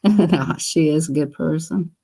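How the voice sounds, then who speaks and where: A woman's voice: low-pitched, measured pace, gravelly, warm tone, husky. A woman with a Southern US accent chatting casually on a live stream, telling stories to her viewers and laughing often.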